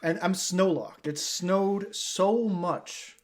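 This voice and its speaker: A man's voice: high-pitched, slow, slight background noise. A man co-hosting a podcast, talking casually and rambling with many fillers and restarts. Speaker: podcast co-host. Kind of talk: casual chat.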